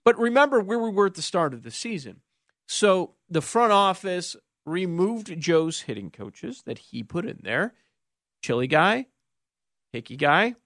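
A male sports radio host with a slightly higher voice, opinionated and wry as he breaks down the games and takes calls. His studio mic sounds dry and close, with no room echo. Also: very animated, fairly bright tone. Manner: opinionated, wry, quick asides to callers. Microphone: studio microphone.

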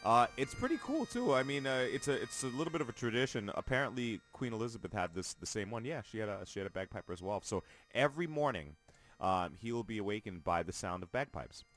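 A man's voice: mid-range voice, lively intonation, fast talker, a bit bright, soft background music. A man co-hosting a morning TV show, chatting in an easygoing way with chuckles and restarts. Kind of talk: casual morning show banter. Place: TV studio.

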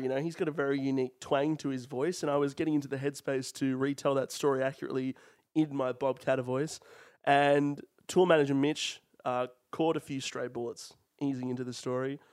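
A man's voice: mid-range voice, brisk, no room sound. A young Australian man co-hosting a comedy podcast, rambling in a mock-formal way into a close mic. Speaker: podcast co-host. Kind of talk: casual comedy podcast chat.

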